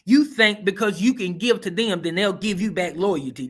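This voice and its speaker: A man's voice: high voice, moderate pace, fairly bright tone. A man hosting and preaching a sermon-style motivational talk, emphatic and folksy, with a repeating preaching cadence. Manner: folksy, colloquial and direct. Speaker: host and preacher.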